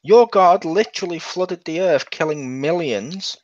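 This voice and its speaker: A man's voice: on the high side, unhurried, darkish tone, dry recording. A man hosting a casual game review, rambling along and restarting his sentences. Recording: dull lo-fi.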